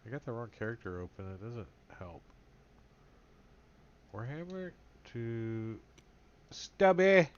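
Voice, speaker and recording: A man's voice: on the low side, sing-song, unhurried, long pauses, a little mellow, dull audio. A man playing a tabletop game, joking around and thinking aloud. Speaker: player. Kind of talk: casual tabletop play.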